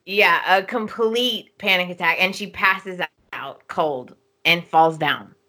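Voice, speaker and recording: A woman co-hosting a podcast who walks through a soap opera's plot step by step. She speaks at an unhurried pace with a bright, forward tone. Her retelling is casual and animated. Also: fairly low pitch. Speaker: podcast co-host.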